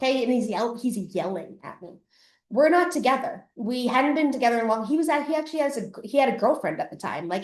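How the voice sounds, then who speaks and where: A woman's voice: a little high, a little mellow. A middle-aged Canadian woman, a podcast host and coach, telling a personal story in a live masterclass. She talks candidly, swears freely and acts out her past self. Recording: echoey room.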